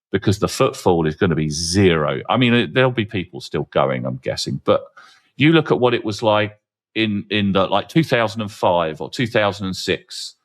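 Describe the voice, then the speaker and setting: A man hosting a podcast, chatting in a candid, wry and cynical way that rambles with restarts. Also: sits low. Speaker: podcast host. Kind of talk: casual panel chat.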